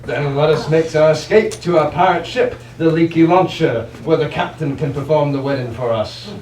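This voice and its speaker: A man's voice: on the high side, moderate pace, a little mellow, natural voice. A teenage boy voicing a blustering young pirate prince in a puppet play, brusque and bossy in pirate talk. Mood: gruff. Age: teens. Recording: roomy hall from far off.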